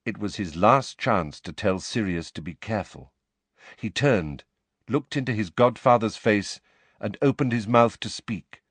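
Low, animated male audiobook narrator. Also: measured pace, breathy edge, no room sound. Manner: expressive, varied delivery. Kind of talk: scripted storybook narration.

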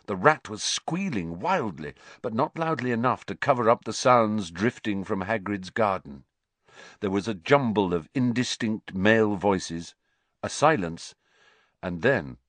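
A man narrating a story in an expressive storytelling manner. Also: on the low side, a little slow, no room sound. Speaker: audiobook narrator. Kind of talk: scripted narration.

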